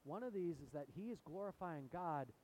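A man preaches to his congregation, animated and full of questions thrown out to the pews. His voice sits high for a man, with a faint rumble in the background. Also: moderate pace, poor audio. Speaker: pastor. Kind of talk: sermon. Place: church sanctuary.

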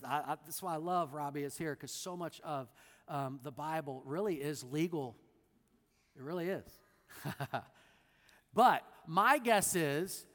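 A man with a notably high voice preaches a sermon, explaining the text in a conversational teaching manner. He drops wry asides and puts questions to listeners by name. His voice rings out with a long hall reverb. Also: fairly bright tone. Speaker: pastor.

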